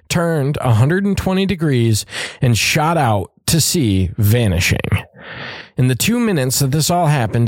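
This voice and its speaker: A man's voice: medium pitch, darkish tone, no echo, studio quality. A man hosting a podcast who reads out a story in a casual way, with asides and joking and some swearing. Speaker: podcast host.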